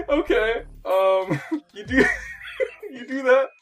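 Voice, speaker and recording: A man's voice: extremely high pitch, big pitch swings, takes it slowly. A man narrating as game master of a tabletop game, chatty and laughing often.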